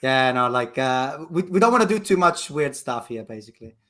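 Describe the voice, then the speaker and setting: Animated Italian-accented man chatting. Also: mid-range voice, fairly quick. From Italy. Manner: laughs a lot, stammers and repeats words. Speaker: cold-calling salesman on a live comedy show. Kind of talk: casual live-stream banter.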